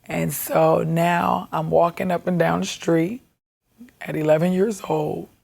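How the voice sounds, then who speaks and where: A woman candidly recounting her own life in a documentary, halting and reflective, with music behind her. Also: lowish voice, flat delivery, gravelly, darkish tone. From Baltimore, USA. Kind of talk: personal documentary testimony. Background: background music.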